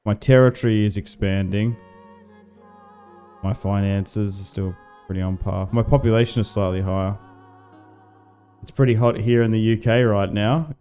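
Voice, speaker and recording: An Australian man casually commentating a strategy game on a livestream, relaxed and chatty, swearing now and then. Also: on the low side, normal speed, long pauses, clean tone, faint music behind. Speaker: gaming livestreamer.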